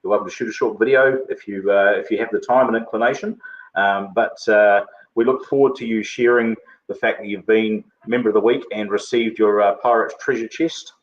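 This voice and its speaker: Male webinar host, low voice, loose rambling delivery, muffled lo-fi stream audio. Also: steady tone, brisk. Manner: rambling, many filler words. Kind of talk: casual webinar chat.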